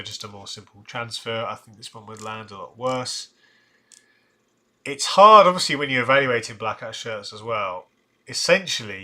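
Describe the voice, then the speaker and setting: Bright-voiced man musing on a stream. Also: lowish voice. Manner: chatty, thinking aloud with restarts and asides. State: tired, yawning. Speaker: live-stream host ranking football shirts. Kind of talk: casual live-stream commentary.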